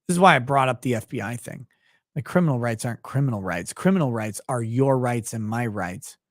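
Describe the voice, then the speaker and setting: A man's voice: medium pitch, animated, a little fast, no echo. Guy rambling on his stream, swears a lot, dry close sound. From Minnesota, USA. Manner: profane, rambling, laughs often. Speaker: livestream host reading chat. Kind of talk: casual livestream chat.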